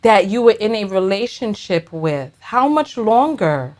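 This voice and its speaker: A woman's voice: mid-range voice, big pitch swings, unhurried, a little mellow. A woman giving blunt, sassy reaction commentary on a video, firing back retorts at what she watches.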